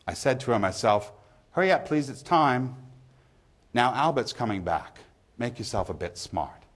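Gossipy working-class pub woman, read by a man, loud emphatic poetry reading. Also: fairly low pitch, lively intonation, moderate pace, breathy edge. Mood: gossiping.

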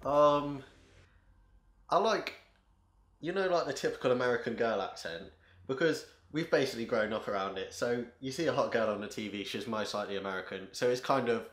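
A man's voice: mid-range voice, fairly quick, a bit bright. A man from Britain with an English accent, a laid-back, agreeable guest in a casual chat who laughs easily. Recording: echoey room.

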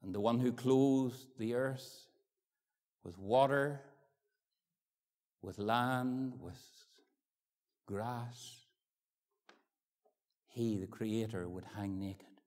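A Northern Irish man in his fifties preaching an evangelistic sermon, swinging from ringing pleas to hushed near-whispers. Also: mid-range voice, very slow, long pauses. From Northern Ireland. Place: church hall. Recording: echoey hall with long reverb.

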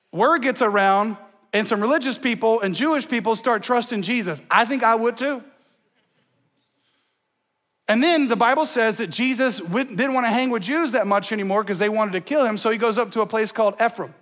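A man preaching a sermon as a pastor in a church, energetic and joking, talking to the crowd in slang. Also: high voice, long reverb tail. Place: church sanctuary.

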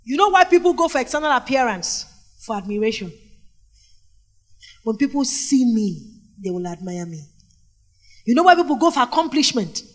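A middle-aged Nigerian woman preaching a sermon, telling stories with animated energy and calling out questions to the congregation. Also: on the high side, normal speed, pauses often. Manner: animated storytelling with call-and-response questions to the congregation.

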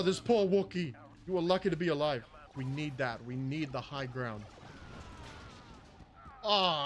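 A man giving excitable, panicky running commentary while he plays a shooter game. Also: on the high side, slight background noise. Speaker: gaming channel host. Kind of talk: gameplay commentary.

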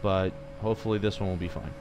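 A man's voice: low-pitched, steady tone, fast, over music. A young man playing a horror game and commentating, jittery, swearing often and talking to himself. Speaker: gaming streamer.

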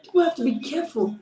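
A woman's voice: sits high, dark tone. A woman giving an informal, exhorting online sermon, mixing in pidgin phrases. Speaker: preacher. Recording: roomy echo.

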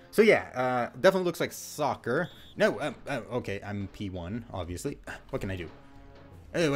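A man giving playful, goofy let's-play commentary over a game, often stumbling and restarting his words. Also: mid-range voice. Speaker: gameplay commentator.

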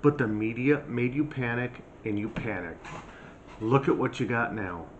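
A man's voice: mid-range voice, a little slow. A man ranting in a blunt, mocking, scolding monologue as a prepper vlogger. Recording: slightly dull lo-fi sound, faint hiss.

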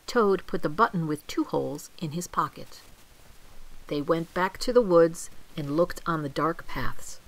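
An older woman reading a children's story aloud, gentle and expressive. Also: low voice, unhurried, poor audio. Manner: gentle, expressive, clearly paced.

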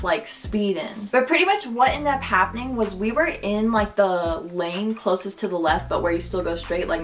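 A young woman telling a casual storytime, chatty and full of "like". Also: medium pitch. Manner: chatty, heavy use of "like". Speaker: vlogger.

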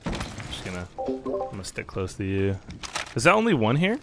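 A young man live-streaming a ranked match, flustered and exasperated as his tech fails, sometimes shouting. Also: lowish voice, sing-song, moderate pace, loud music behind the voice.

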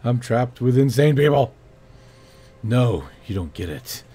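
A man's voice: medium pitch, animated, unhurried, warm tone, breathy edge. A man casually commenting while playing a space-building game, joking around and muttering to himself. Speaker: gaming streamer.

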